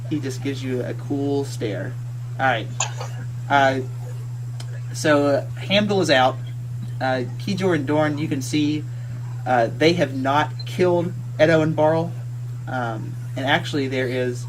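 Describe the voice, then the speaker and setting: A man narrating a tabletop game as game master, halting and full of restarts. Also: medium pitch, background noise. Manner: halting, many fillers and restarts.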